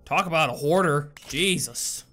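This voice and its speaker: A man's voice: on the high side, moderate pace, a bit bright. Jumpy man narrating a horror game. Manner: jumpy, swearing, nervous self-talk. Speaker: gaming channel host. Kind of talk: horror game let's play commentary.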